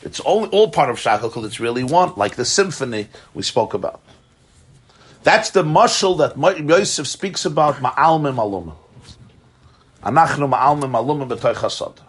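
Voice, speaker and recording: A man's voice: medium pitch, animated, moderate pace, breathy edge. A man teaching a Torah class, explaining ideas animatedly, chuckling often and mixing in Hebrew terms.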